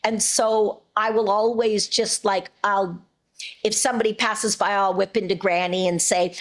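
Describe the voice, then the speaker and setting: A middle-aged woman voice actress chatting as an interview guest, warm and rambling with frequent restarts. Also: mid-range voice, steady tone, unhurried. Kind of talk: casual interview chat.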